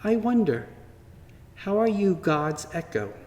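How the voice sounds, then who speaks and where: Man, children's story reading, unhurried, gentle, wondering, long church reverb. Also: high voice, big pitch swings. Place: church sanctuary. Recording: long reverb from a large hall.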